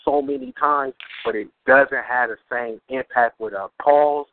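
A man's voice: mid-range voice, a little slow, no echo. A man who is a guest poet on a radio show, explaining his craft at length in casual talk. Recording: dry, phone-like radio audio.

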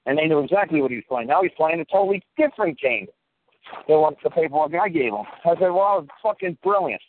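A man in his fifties talks on a call, blunt and full of curses, hammering his points home. His voice sits a little high. It comes through a thin, tinny phone line with a faint hiss. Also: lively intonation, quick pace. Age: 50s. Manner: blunt, profane and emphatic. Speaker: caller giving advice.

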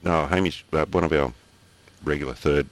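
A man's voice: a bass voice, normal speed. An Australian man chatting casually as a podcast co-host, rambling through stories and chuckling between them. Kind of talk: casual chat.

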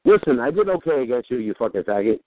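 A man's voice: mid-range voice, big pitch swings, fast talker, no room sound. Rowdy, tipsy man on a phone line. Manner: loud, profane trash talk. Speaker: battle rapper guest. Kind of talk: rowdy podcast banter.

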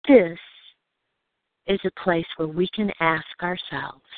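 A woman's voice: on the low side, no echo. Earnest woman preaching over a phone-like line. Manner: earnest, measured, slowing to read scripture. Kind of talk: evening devotional sermon with personal stories. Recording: dry, phone-like narrow sound.

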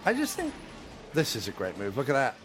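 A man's voice: medium pitch, huge pitch swings, brisk, background noise. A man co-hosting a casual movie commentary podcast, joking around. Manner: jokey, puts on silly voices. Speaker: podcast co-host.

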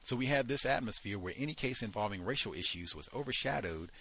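A man's voice: lowish voice, expressive, quick pace, fairly bright tone. A man hosting a study session, reading passages aloud from a book and breaking off into heated commentary, with frequent fillers while he searches the text.

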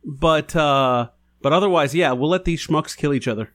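A man's voice: a little high, moderate pace, a bit bright. A man playing in a tabletop game, chatting casually and joking with plenty of fillers. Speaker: player.

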